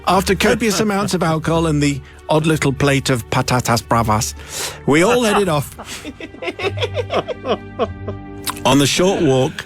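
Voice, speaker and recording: A man's voice: on the high side, lively intonation, normal speed, faint music behind. A man hosting a radio show, reading a listener's letter aloud in a playful, amused, theatrical way. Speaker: radio host. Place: radio studio.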